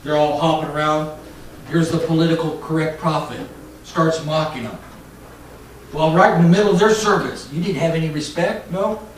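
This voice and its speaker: A man preaching a fiery sermon, swinging from loud mocking shouts to low, intense warnings. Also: normal speed, a little hiss or hum. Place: church hall. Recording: echoey church hall mic from a distance.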